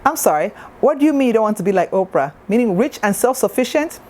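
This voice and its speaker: A woman's voice: a little high, animated, fast, noisy background. A woman talking to camera in a casual review vlog, chatty and playful, with asides to the viewer. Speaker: TV show reviewer.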